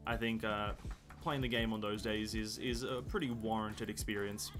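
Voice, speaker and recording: A man's voice: on the low side, steady tone, normal speed, over music. A man chatting casually on a game live stream, rambling, correcting himself and reading chat aloud. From Australia. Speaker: gaming streamer.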